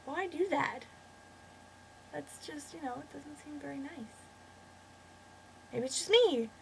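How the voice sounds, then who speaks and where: A Canadian woman talking straight to camera in a loose, rambling rant, often stopping herself mid-thought. Her voice sits a bit high, and a faint hiss of background noise runs under it. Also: takes it slowly, creaky, poor audio. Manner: rambling, chatty, self-interrupting. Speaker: vlogger. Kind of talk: casual ranting monologue.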